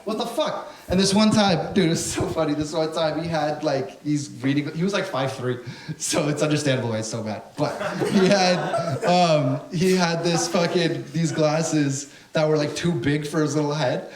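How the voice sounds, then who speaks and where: A young man performs a stand-up comedy set, animatedly telling stories, swearing heavily and acting out the people in them. His voice is a little high and his pace moderate, in an echoey room with a live audience crowd audible.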